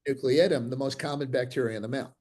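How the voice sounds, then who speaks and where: Speaking at a quick pace with medium pitch, the older dentist animatedly recounts stories over a video call interview. He frequently restarts and performs the voices of people he quotes.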